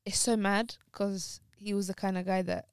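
A woman's voice: mid-range voice, fairly even intonation, normal speed, smooth, dry recording. A woman co-hosting a casual podcast chat, speaking openly and emotionally while grieving, her voice close to tears. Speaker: podcast co-host.

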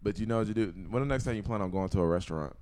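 Deep-voiced Texan man, podcast co-host, teasing and easygoing. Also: darkish tone, slight background noise. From Texas. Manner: teasing, drawn-out reactions. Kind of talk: casual chat.

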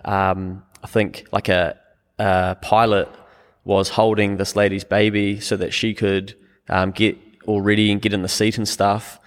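A man's voice: fairly low pitch, flat delivery, unhurried, big-room sound. A man with a New Zealand accent, a podcast guest talking casually in a rambling, slangy way with lots of fillers. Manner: laid-back, slangy, rambling with many fillers. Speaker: podcast guest, business owner.

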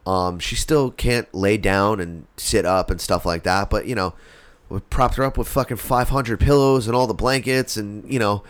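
A man's voice: on the low side, normal speed, clear, resonant tone. A man co-hosting a podcast in casual, rambling, profane chat with many fillers. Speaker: podcast co-host.

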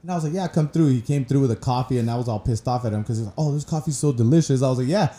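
A man's voice: mid-range voice, rapid-fire, warm tone, reverberant. A man co-hosting a podcast, telling stories in loose, profane casual chat. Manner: loose storytelling, swearing, laughs a lot. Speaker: podcast co-host.

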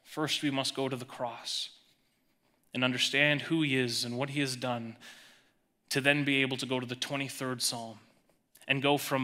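Male pastor, sermon delivery, very bright tone, emphatic with hushed drops. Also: medium pitch, flat delivery, normal speed, long pauses. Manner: emphatic, swings between raised emphasis and hushed lines.

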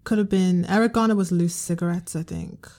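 A woman's voice: fairly low pitch, steady tone, brisk, warm tone. A woman co-hosting a casual chat podcast, agreeing and adding short remarks. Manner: agreeable, chiming in with short replies. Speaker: podcast co-host.

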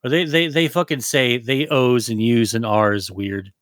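A man's voice: mid-range voice, fairly even intonation, a little slow, a bit bright, dry recording, studio quality. A man co-hosting a podcast, rambling loosely with lots of swearing and jokes. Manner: rambling, profane, loose and jokey. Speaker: podcast co-host. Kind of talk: casual podcast chat.

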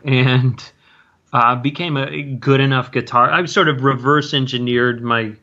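Forties male actor guest, rambling chat, bright tone on a dull lo-fi recording. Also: medium pitch, fairly even intonation, slight background noise. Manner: rambling, halting, many self-interruptions and restarts. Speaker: guest, stage and screen actor. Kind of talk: casual interview chat.

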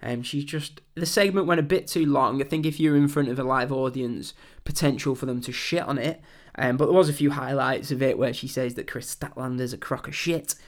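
Talking fairly quickly in a medium pitch, a young English podcast host goes over a wrestling show. It's a relaxed review, rambling and chatty, peppered with ums.

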